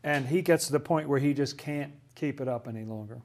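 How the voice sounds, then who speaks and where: A man giving casual Bible commentary, animated and acting out the characters in the story. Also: mid-range voice, fairly quick. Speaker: Bible study host.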